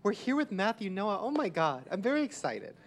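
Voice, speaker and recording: A man's voice: high-pitched, big pitch swings, brisk, very noisy. A young man hosting a casual podcast chat, laughing often and swearing freely. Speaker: podcast host.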